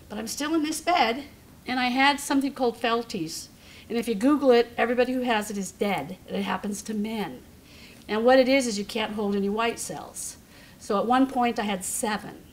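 Wry woman in her fifties, higher voice. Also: a little hiss or hum. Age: 50s. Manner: wry, self-mocking storytelling. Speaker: comedian. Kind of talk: personal talk with humor. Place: hospital meeting room.

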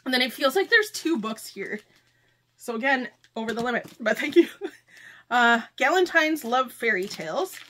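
A high-pitched woman hosts a casual unboxing vlog. She sounds excitable and gushing, sometimes close to tears, and sometimes reads book blurbs aloud. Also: moderate pace, slight background noise. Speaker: channel host.

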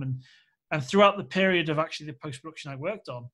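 A man from Australia chats as a podcast guest, telling frank stories and slipping into the voices of the people he quotes. His voice sits a little high for a man. He speaks openly and with animation, as if he has nothing to hide. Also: quick pace. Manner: candid, animated anecdote-teller who acts out quoted speech. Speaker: filmmaker guest. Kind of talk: casual podcast interview storytelling.

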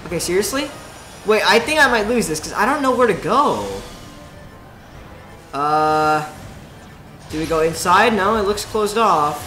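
Young male gaming host, bright and chatty, mic in a roomy space. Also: sits high. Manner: excitable, chatty, talks to the viewers while playing. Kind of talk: let's play commentary. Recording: roomy home recording. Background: faint game music.

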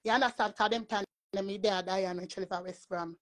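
A woman's voice: mid-range voice, steady tone, fairly quick. A woman with a Jamaican patois accent, telling a long rambling story in a casual live chat. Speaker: storyteller guest.

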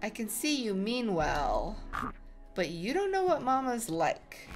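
A woman's voice: medium pitch, wildly swooping pitch, slow pace, faint music behind, heavily acted. Woman doing a sulky runaway toad boy. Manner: sulky, stubborn. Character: sulky young toad son, stubborn runaway.

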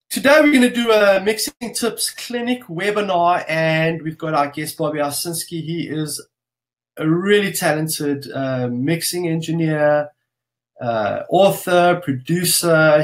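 A man's voice: on the high side, takes it slowly. Upbeat man hosting a live webinar. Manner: upbeat, greets viewers one by one. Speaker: webinar host. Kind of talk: casual live webinar chat.

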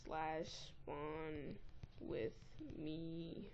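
A woman giving casual, excitable and easily exasperated commentary while playing a game, recorded on a tablet's built-in mic. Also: sits low, drawn-out words, highs cut off, a little hiss or hum. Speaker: gameplay recorder.

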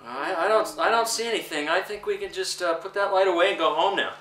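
A man's voice: high voice, fast talker, a bit bright. An actor playing a sheepish, awkward young man who stammers nervously, on a small stage. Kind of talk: live comedy stage acting. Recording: echoey theater, voice from far off.

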